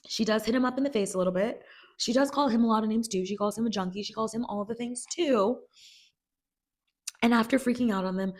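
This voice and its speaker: A woman giving a casual episode recap, retelling the plot in an animated, storytelling way. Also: medium pitch. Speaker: TV recap vlogger.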